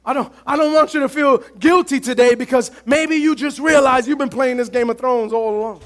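A man's voice: very high-pitched, steady tone, fairly quick. A male pastor preaching a sermon to his congregation, impassioned and calling out to the church.

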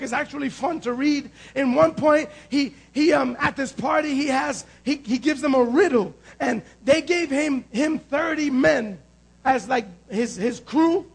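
A man preaching a sermon to a congregation as pastor, shouting his points with emphasis, asking "Amen?", and making wry sarcastic asides. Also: extremely high pitch, creaky. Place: church before a congregation.

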